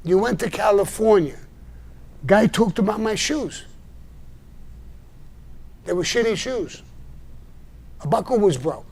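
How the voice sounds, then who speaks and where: An older man holds forth on a live stream, cursing freely and pushing back hard at a critic. His voice sits somewhat high for a man, and his delivery is blunt and combative, broken by short gruff laughs. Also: lively intonation, slow pace, pauses often, a little mellow. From New York. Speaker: live show host answering viewer messages. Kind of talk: blunt livestream monologue.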